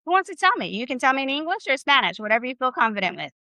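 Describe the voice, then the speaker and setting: Upbeat, bright-voiced woman teaching online. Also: high-pitched, sing-song, racing, no echo. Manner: upbeat, encouraging, casual slang. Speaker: Spanish teacher. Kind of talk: live online class teaching.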